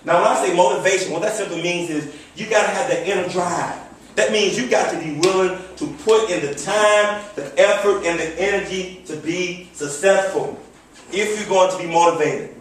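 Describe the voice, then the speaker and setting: A man with a high voice delivers a motivational speech from a distance, and his words boom around a big echoey hall. He gives orders and leads call-and-response, repeating each line over and over, with a faint hiss under it all. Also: moderate pace. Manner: commanding call-and-response, repetitive. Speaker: motivational speaker. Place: large hall before an audience.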